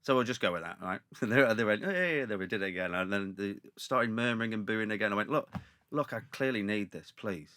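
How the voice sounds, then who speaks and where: A man, a comedian, casually telling an animated, laughing anecdote. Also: lowish voice, brisk. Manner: animated storytelling with laughter and shouted impressions. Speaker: comedian guest.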